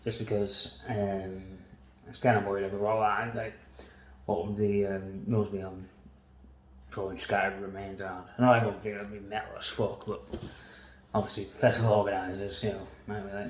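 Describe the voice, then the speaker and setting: A man's voice: lowish voice, flat delivery, normal speed, reverberant, slight background noise, poor audio. A man telling a long personal story in a waffling, casual monologue, swearing often and laughing between lines. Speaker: vlogger.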